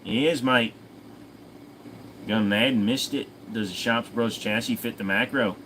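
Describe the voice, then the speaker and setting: A man's voice: fairly low pitch, fairly even intonation, moderate pace, fairly bright tone, a little hiss or hum, poor audio. A man hosting a casual livestream Q&A, reading out viewer comments and answering them in an offhand, profane way. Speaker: host.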